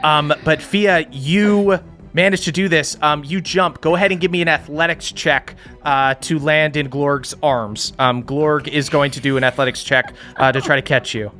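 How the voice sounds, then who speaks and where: Man, game master, tabletop narration, bright tone, slightly high pitch, casual fillers. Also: moderate pace, soft background music. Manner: casual, energetic, filler-heavy.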